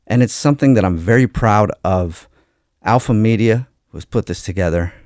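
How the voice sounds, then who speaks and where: A man's voice: fairly low pitch, darkish tone, no echo, studio quality. A man speaking as a radio host, giving an earnest, heartfelt on-air message.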